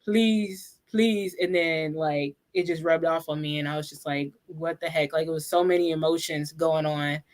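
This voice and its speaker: A woman's voice: deep voice, moderate pace, few pauses. A woman hosting a casual storytime chat, recounting events and acting out what people said in a raised voice. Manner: animated, acts out quotes in a raised voice. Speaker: host.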